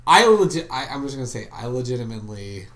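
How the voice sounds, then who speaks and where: Excitable, foul-mouthed young man co-host. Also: medium pitch, fast talker, a little hiss or hum. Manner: excitable, swears freely, teasing. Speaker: podcast co-host. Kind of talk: casual podcast chat.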